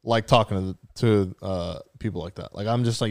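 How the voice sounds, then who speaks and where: A man's voice: fairly low pitch, fairly quick, dry recording, studio quality. A young man co-hosting a casual sports chat, ranting and swearing, mocking critics in put-on voices. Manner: profane, ranting, mocks people in put-on voices. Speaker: podcast co-host.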